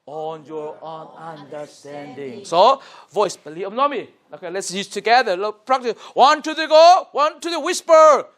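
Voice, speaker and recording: A middle-aged man leading a teacher training workshop, switching between whispers and loud calls to demonstrate. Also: very high voice, moderate pace, hardly any pauses. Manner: animated, swings between whisper and shout to demonstrate. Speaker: Sunday school teacher trainer. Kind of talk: teaching workshop, mixing languages.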